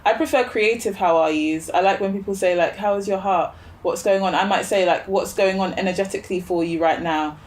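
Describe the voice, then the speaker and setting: A woman's voice: mid-range voice, fairly quick. Reflective woman guest musing aloud. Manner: reflective, thinks aloud with fillers and rhetorical questions. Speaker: podcast guest. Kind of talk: casual chat.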